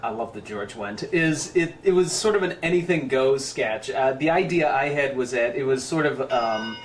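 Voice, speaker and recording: A man's voice: mid-range voice, animated, moderate pace. Dry self-deprecating guy on a commentary track, faint hiss in the background. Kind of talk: casual commentary chat.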